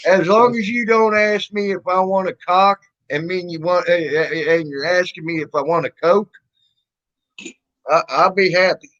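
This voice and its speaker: Man, Southern accent, crude joking chat, highish voice, dull lo-fi audio. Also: normal speed, a bit bright. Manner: crude, joking, stumbling restarts. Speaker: stream host. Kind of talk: casual chat.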